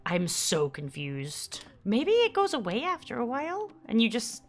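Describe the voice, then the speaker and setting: A woman's voice: a little high, wildly swooping pitch, unhurried, soft background music. Giggly woman playing a cozy game. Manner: giggly, chatty, easily confused. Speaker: gaming YouTuber. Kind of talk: casual let's play commentary.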